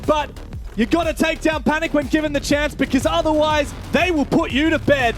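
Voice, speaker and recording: A very high-pitched man calling an esports match. He talks quickly and pushes up into excited shouts whenever the action turns. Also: soft background music. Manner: fast, rising to shouts at big plays. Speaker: play-by-play caster. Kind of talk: esports commentary.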